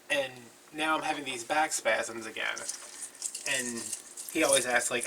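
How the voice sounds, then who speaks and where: A man's voice: medium pitch, unhurried, pauses often. A man chatting casually and rambling while showing a crafts project as a DIY vlogger. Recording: from a distance, loud background noise.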